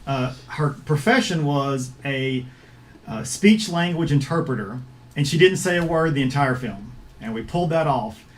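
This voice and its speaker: A man hosting a casual livestream chat over a video call, speaking in an easygoing, halting way with lots of filler words. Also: medium pitch, lively intonation. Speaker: host of a filmmakers' livestream.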